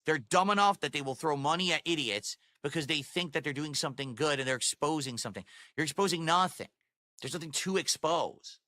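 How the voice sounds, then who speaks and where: A man's voice: fairly high pitch, brisk, bright, forceful tone, dry recording, clean studio sound. A man ranting on his livestream, self-assured and insulting toward his critics. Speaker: streamer. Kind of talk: livestream rant.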